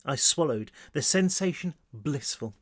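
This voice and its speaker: A man reading his own novel aloud in the first person, expressive and conversational, at home. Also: measured pace. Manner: expressive reading with wide pitch swings, asides to listeners. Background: child screaming downstairs.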